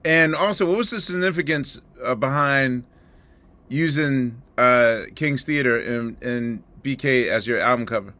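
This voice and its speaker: A man hosting a podcast, asking a guest a question in a halting, searching way. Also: mid-range voice, pushed and bright, no room sound. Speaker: podcast host. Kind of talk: interview questions.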